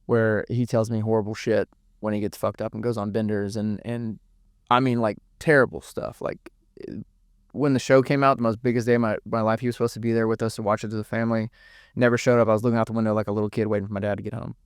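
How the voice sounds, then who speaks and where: A man's voice: lowish voice, little pitch movement, fast talker, clear, resonant tone, no echo, clean studio sound. A young man giving an earnest, emotional podcast interview, swearing freely and repeating words as he talks. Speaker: podcast guest. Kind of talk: candid emotional interview talk.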